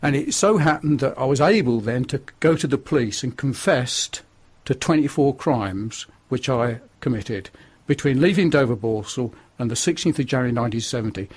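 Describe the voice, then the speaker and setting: A man's voice: mid-range voice, expressive, moderate pace, hardly any pauses, breathy edge. An older man with a Northern English accent, a radio guest giving a blunt, chatty testimony that turns preachy. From northern England.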